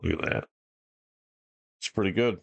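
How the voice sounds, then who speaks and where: A man casually commenting while trying out software, laid-back and joking with slangy talk. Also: low voice, normal speed, gravelly, husky, no room sound.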